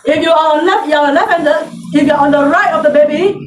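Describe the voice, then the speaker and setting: A woman's voice: sits high, fast. A woman teaching a CPR class, quizzing trainees with questions and ending lines with "okay?" and "ah". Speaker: CPR instructor. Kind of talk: hands-on first aid class instruction. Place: indoor training hall. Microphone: far camera. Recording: echoey hall from far off, noisy.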